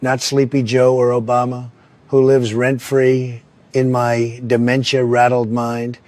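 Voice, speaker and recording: A man's voice: mid-range voice, completely flat delivery, unhurried, darkish tone, no echo, lightly acted. A man reading a satirical parody statement in a mock presidential voice.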